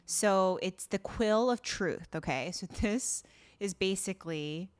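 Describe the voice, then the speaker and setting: A woman's voice: medium pitch, slow, clean tone. A woman co-hosting a podcast, recapping a drama in casual chat and acting out the characters' lines with laughs. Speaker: podcast co-host.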